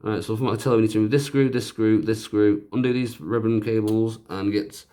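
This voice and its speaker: A man with a fairly low voice talks a viewer through fixing a handheld console. He keeps up a loose, joking commentary full of self-mocking asides as he works. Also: steady tone, quick pace, mellow. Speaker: repair video host. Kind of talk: casual narrated repair tutorial.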